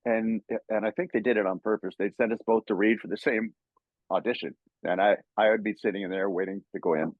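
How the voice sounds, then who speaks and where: A man's voice: fairly low pitch, steady tone, a little fast, dry recording, narrow, tinny audio. An older man, a voice actor, telling casual stories in an interview, chuckling often and acting out voices. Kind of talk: casual anecdotal storytelling.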